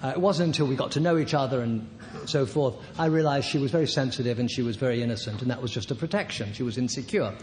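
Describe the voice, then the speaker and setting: An older man at a recovery meeting, telling his personal story in a halting, self-deprecating way with soft laughs. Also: medium pitch, in a large hall, a little hiss or hum.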